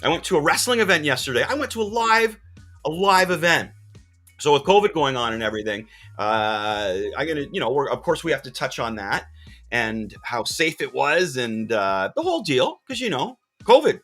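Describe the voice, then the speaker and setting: A man hosting a casual live-stream chat from his comic shop. He is jokey and excitable, with sudden loud bursts. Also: a little high, moderate pace, soft background music. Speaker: podcast host and comic shop owner.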